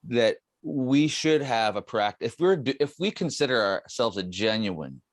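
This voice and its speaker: A middle-aged man hosting a podcast, speaking earnestly and haltingly, restarting and repeating words as he works out his ideas. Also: mid-range voice, expressive, no room sound, clean studio sound. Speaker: podcast host. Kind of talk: reflective podcast conversation.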